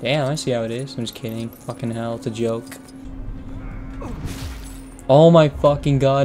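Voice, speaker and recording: A man commenting on a video game as he plays, swearing constantly and breaking into loud sudden outbursts. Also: mid-range voice, steady tone, moderate pace, pauses often. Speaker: gameplay commentator. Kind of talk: let's play commentary. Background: game audio and music.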